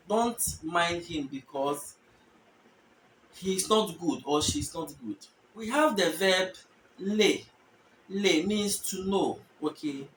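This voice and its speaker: High-voiced man teaching slowly, echoey room. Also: a bit bright, distant mic. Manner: explanatory, repeats example phrases slowly with stressed tones. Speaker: language teacher. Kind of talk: language lesson.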